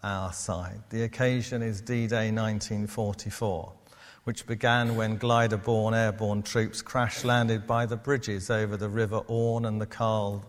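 Preacher in a reverberant church. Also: male voice, fairly low pitch. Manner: measured, preaching to a congregation. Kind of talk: sermon. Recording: long hall reverb.

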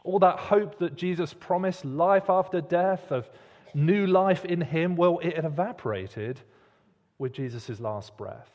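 A man's voice: fairly high pitch, muffled recording. Man preaching in a reverberant hall. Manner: expressive, pausing for emphasis. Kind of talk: sermon. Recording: long reverb of a large hall.

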